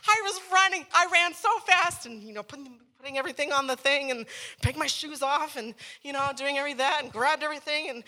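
A woman with a high, bright voice tells a faith testimony to a live audience in a room. She is an animated storyteller who slips into the voices of the people in her story. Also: a little fast. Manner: animated storyteller who acts out quoted dialogue. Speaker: speaker sharing a personal testimony.

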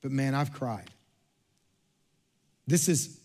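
A male pastor preaching a sermon in a church, repeating himself and restarting phrases, swinging between quiet low stretches and loud passages. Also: a little slow.

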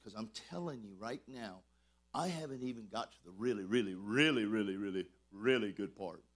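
A man preaching a sermon as pastor, emphatic and excitable, stumbling over restarts as he gets worked up. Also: mid-range voice.

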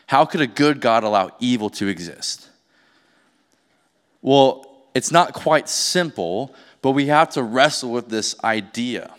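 A man's voice: medium pitch, fairly bright tone. Pastor guy preaching, casual and chatty, medium voice, lots of hall echo. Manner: conversational, asks rhetorical questions. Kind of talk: sermon. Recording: long hall reverb.

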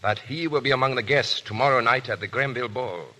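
An actor playing a cold, scheming French ambassador with a smooth, measured menace in a 1930s radio drama. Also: male voice, medium pitch, pushed and bright, natural voice.

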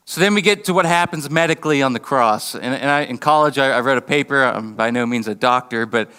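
A man preaching a sermon, earnest and halting, often restarting his words and briefly acting out mocking voices. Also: mid-range voice, bright, forceful tone, clean tone, long reverb tail. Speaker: pastor. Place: church building.

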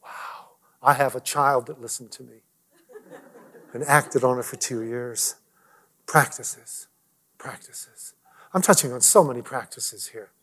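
A middle-aged man, a pastor, telling a personal story in a lively way, at times dropping almost to a whisper. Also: medium pitch, a little slow, long pauses. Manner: animated, drops to near whispers.

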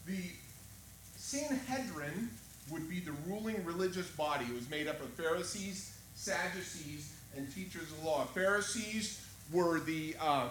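A man preaching a sermon, conversational and animated, asking his listeners questions. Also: sits high, a little hiss or hum. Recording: echoey room with faint ambience.

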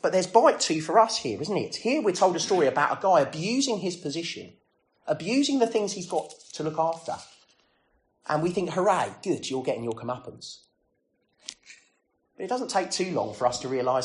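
A man's voice: fairly high pitch, big pitch swings, normal speed. A man preaching a sermon in a conversational way, full of rhetorical questions and self-deprecating asides.

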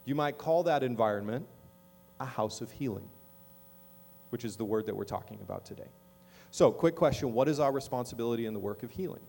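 A man's voice: medium pitch, lively intonation, a little fast, gravelly, long pauses, a little mellow. Conversational pastor preaching, a man. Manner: conversational, checks in with the audience often. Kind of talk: sermon. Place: church sanctuary.

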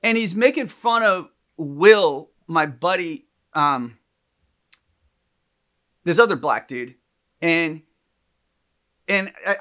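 A man in casual podcast conversation, telling an animated, rambling story with lots of restarts. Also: high-pitched.

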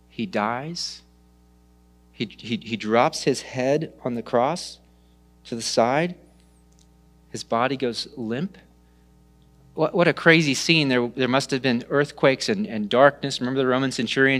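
A man preaching a sermon, retelling stories with lively rises and hushed drops. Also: mid-range voice, a little slow, pauses often. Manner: animated storytelling, dropping to hushed tones. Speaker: pastor.

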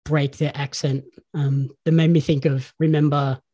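A man's voice: on the high side, flat delivery, moderate pace, dark tone, slightly rough. A man with an Australian accent hosting a podcast, chatting casually and telling stories with enthusiasm. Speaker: podcast host. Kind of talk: casual chat.

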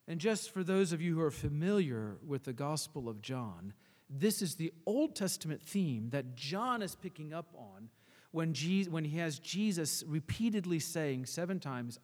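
A male pastor preaching a sermon, swinging between hushed and emphatic delivery. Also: a little high, expressive, unhurried, in a large hall.

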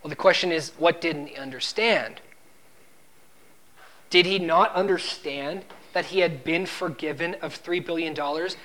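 Man, high voice, sermon, emphatic, quotes scripture, acts out parable lines. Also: a little slow, fairly bright tone. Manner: emphatic, rises in pitch and volume when driving a point. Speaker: preacher.

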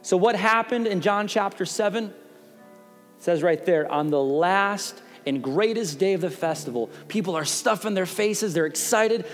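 Guy preaching w a high voice, big echoey church hall, soft music under it. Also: normal speed. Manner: impassioned preaching, emphatic repetitions. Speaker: pastor. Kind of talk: sermon. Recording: long hall reverb, faint music behind.

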